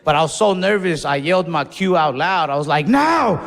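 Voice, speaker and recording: Young male comic, gravelly and laid-back, profane storyteller; live club mic, reverberant hall, faint crowd bed. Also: on the high side, a little fast, noisy background. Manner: laid-back, profane, acts out his own shouts. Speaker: stand-up comedian. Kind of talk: stand-up storytelling. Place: comedy club stage. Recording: live room with long reverb.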